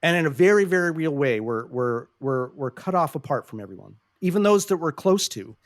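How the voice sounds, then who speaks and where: A man's voice: on the high side, animated, a little fast, dry recording, clean studio sound. A man hosting a podcast, talking earnestly and passionately, often restarting his sentences as he searches for words. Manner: earnest, passionate, frequent swearing. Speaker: podcast host. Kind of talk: casual podcast discussion.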